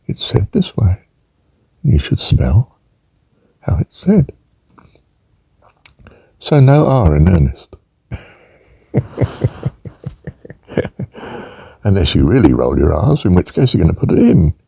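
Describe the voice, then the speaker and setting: A man's voice: low-pitched, sing-song, measured pace, creaky, pauses often, dark tone, slightly rough, no echo. An older man giving an informal spelling lesson, rambling and musing aloud, drawing out words as he says them and adding chuckling asides. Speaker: teacher.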